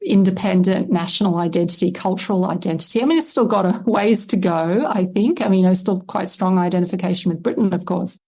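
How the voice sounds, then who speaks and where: A woman, a historian answering interview questions in a measured, explanatory way. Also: fairly low pitch, dark tone, breathy edge. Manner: measured, explanatory, laughs lightly now and then. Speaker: historian and lexicographer guest.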